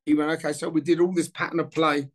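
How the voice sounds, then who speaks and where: A former footballer in his sixties, speaking fast with a fairly high voice, tells an anecdote in a casual interview. He's an animated storyteller, acting out the dialogue as he goes.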